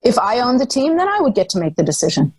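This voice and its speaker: An older woman, a former sports executive appearing as a podcast guest, tells a story articulately, emphatically and self-assuredly into a close mic. Her voice is a little high, sing-song, fast, darkish and husky, and the recording is dry and rough.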